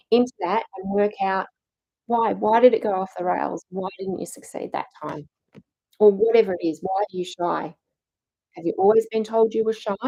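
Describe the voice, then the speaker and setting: Earnest woman coaching in a mellow voice. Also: mid-range voice, rough recording. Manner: earnest, encouraging, acts out self-talk. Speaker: fitness and mindset coach. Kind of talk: motivational talk to a challenge group.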